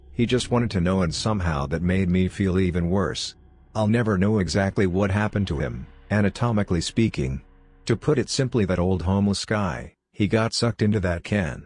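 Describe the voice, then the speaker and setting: Deep-voiced man narrating a horror story. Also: a little mellow.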